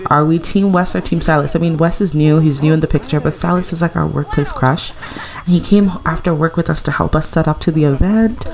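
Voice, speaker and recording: A woman's voice: low-pitched, fairly even intonation, brisk, a little mellow. A woman giving casual, gushing commentary over a life-sim game she plays at home, chatting and laughing often. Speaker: let's play creator.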